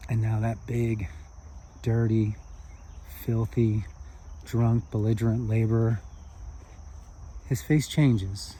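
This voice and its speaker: A man's voice: medium pitch, little pitch movement, slow, long pauses, mellow, slight background noise. A man telling a spiritual story outdoors in an earnest, heartfelt way.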